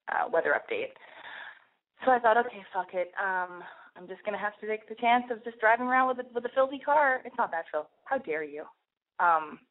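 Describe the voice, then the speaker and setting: Rambling young woman on a tinny line. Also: fairly low pitch. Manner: rambling, self-deprecating, frequent swearing. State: has a cold, needs to cough. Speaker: podcast host. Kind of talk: casual solo podcast monologue. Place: alone in a room. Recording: tinny phone-like sound.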